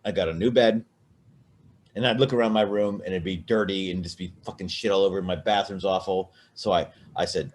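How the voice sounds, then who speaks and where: Man, lower voice, casual podcast co-host, rambling and profane. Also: steady tone, a little fast. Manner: rambling, profane, many restarts. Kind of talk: casual drunken chat.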